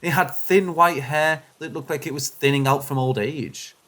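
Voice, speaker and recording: A man giving scripted, expressive narration of first-person paranormal stories, shifting his delivery with the suspense. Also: fairly high pitch, moderate pace. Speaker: story narrator.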